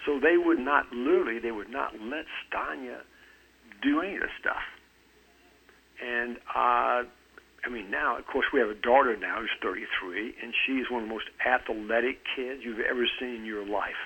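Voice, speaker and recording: Forceful raspy-voiced man in his seventies. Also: medium pitch, moderate pace, rough recording. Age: 70s. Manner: earnest, repeats words as he starts sentences. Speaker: author and fitness guest. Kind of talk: conversational interview.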